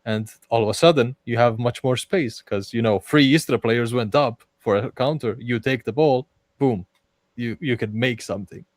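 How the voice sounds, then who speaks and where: A man hosting a casual football podcast, talking in an animated way and often restarting his sentences. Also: medium pitch, moderate pace, dry recording. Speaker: podcast host.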